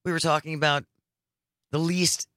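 A male radio host who reads the news with a wry, sarcastic edge. His voice is bright and forceful, and the studio sound is close and dry. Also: on the high side, level tone, normal speed, no room sound. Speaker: radio talk show host. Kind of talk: political talk radio banter. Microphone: studio microphone.

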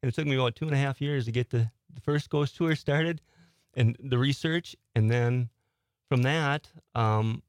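A man in his sixties, a ghost tour guide, telling stories quietly in a studio interview and laughing often. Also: medium pitch, moderate pace, dry recording. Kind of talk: casual interview storytelling. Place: radio studio.

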